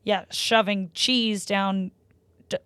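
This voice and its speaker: Chatting casually as a podcast co-host, this woman in her twenties is an animated storyteller who uses "like" constantly and turns loud and high-pitched when excited. Her pace is slow, her tone clean, and the recording dry.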